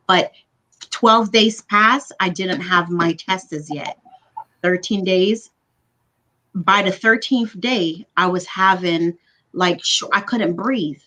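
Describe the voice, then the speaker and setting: A woman's voice: on the low side, sharp tone, rough recording. A woman telling her own story as a livestream guest, earnest and emotional, repeating words for emphasis over a video call. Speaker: guest recounting her illness.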